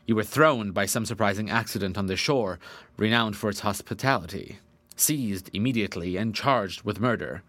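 A man voicing a kindly older male magistrate who speaks in a formal, measured, sympathetic way. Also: lowish voice, a bit bright, no room sound, close to an everyday voice.

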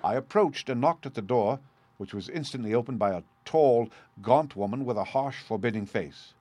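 A man reading a first-person story aloud at a measured, steady pace. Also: medium pitch, dry recording. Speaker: audiobook reader.

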